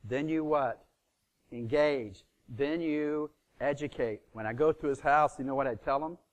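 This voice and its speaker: A middle-aged man teaches a room of students, firing fill-in-the-blank questions at them and playing out sales calls. His voice sits a little high for a man. He keeps the pace of a lively live seminar. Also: measured pace. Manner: asks the audience fill-in questions, acts out phone calls. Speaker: real estate seminar speaker.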